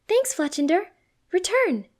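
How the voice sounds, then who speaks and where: Woman playing a young heroine in a boy's body: very high, shrill, urgent shouts. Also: sing-song, measured pace, full character voice. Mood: urgent, shouting.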